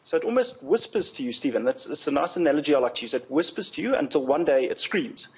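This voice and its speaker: A man, an insurance executive explaining things in a TV news interview, measured and often repeating words as he thinks. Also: fairly high pitch, animated, breathy edge, lo-fi sound. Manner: measured, explanatory, frequent word repetitions. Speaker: insurance company executive, guest.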